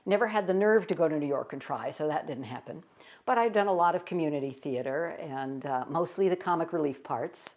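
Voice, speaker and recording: A woman's voice: deep voice, fairly quick, a little mellow. An older woman, a stage performer, telling stories in a casual interview and laughing often as she talks.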